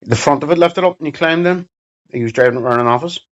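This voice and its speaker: A man's voice: a little high, fast, muffled recording. A man with a Belfast accent chatting casually on a livestream, reading out chat and answering with sweary, mocking banter.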